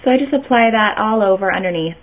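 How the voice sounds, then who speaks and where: A woman's voice: medium pitch, lively intonation, fast talker. A woman chatting her way through a makeup tutorial, rambling and interrupting herself as she goes. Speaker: beauty vlogger. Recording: tinny phone-like sound.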